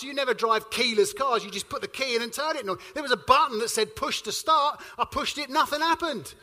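A man from the UK preaching a sermon, telling a personal story in an animated way and acting out the dialogue. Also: very high voice, brisk, hardly any pauses. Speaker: pastor.

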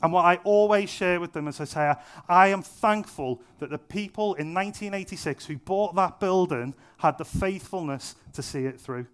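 Here a young man delivers a church sermon with a smooth, high voice, keeping things conversational and humorous. He jokes about himself and stresses his points through repetition.

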